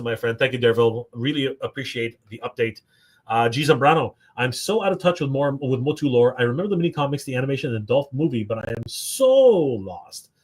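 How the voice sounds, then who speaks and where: A man's voice: medium pitch, fairly bright tone, slightly rough. A man from Canada hosting a live toy stream, reading viewer comments aloud and chatting casually, upbeat with frequent fillers. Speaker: livestream host.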